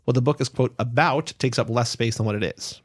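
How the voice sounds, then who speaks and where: A man's voice: mid-range voice, fairly even intonation, a little fast, husky, no room sound. A man co-hosting a book podcast, trading dry teasing remarks and reading out his prepared thoughts. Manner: dry teasing, reads prepared notes aloud. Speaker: podcast co-host. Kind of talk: casual book-club chat.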